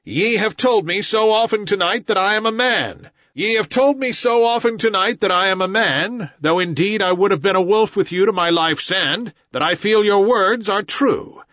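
A man's voice: high-pitched, moderate pace, few pauses, a bit bright, no room sound, voice pushed up. A man voicing a defiant boy raised by wolves, crying out in fury, in a slightly dull recording. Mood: furious.

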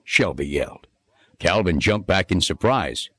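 A man narrating a children's storybook in an expressive, sing-song reading manner. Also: fairly low pitch, unhurried, no echo.

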